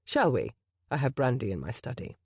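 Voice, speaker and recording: A narrator voicing a ruthless self-made duke in an audiobook, speaking in a low, smooth and threatening way. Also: male voice, huge pitch swings, a little fast, a little mellow, no echo, clean studio sound, full character voice. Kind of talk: audiobook character voice.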